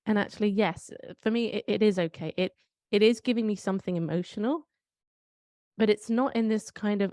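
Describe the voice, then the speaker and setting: A woman's voice: mid-range voice, fairly quick, a little mellow, no room sound, clean studio sound. A British woman co-hosting a podcast, chatting casually and telling stories that she keeps questioning aloud. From United Kingdom. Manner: reflective, storytelling with self-questioning asides. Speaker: podcast co-host. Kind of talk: casual conversational chat.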